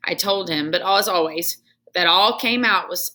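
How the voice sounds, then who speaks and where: A woman's voice: fairly low pitch, a little slow, gravelly. A woman reading a children's book aloud at home, telling it expressively as a storyteller. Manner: expressive storytelling with home asides to her son. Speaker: reader.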